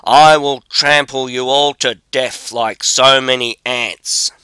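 A man reading the lines of a huge, gruff giant in a storybook audiobook, with a blustering, threatening delivery. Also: medium pitch, steady tone, takes it slowly, sharp tone, dry recording. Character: huge, gruff male giant, angry then wary.

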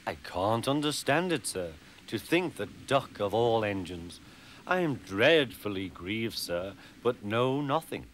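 A man's voice: lowish voice, sing-song, a little slow, fairly bright tone, slight background noise. A man voicing a sly, scheming diesel engine who speaks with false regret. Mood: falsely sorry. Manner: smooth, sly. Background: music.

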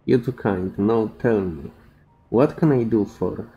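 Calm courteous game engineer, read by a non-native man, slow and dark-toned. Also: on the low side, highs cut off, a little hiss or hum. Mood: polite. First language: not English. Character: calm, courteous male engineer, cool-headed.

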